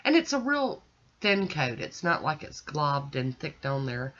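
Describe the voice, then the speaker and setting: A woman's voice: low-pitched, sing-song, measured pace, fairly bright tone. Woman, stuffy and nasal, folksy and gushing, casual demo chat, muffled lo-fi sound. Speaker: nail art channel host.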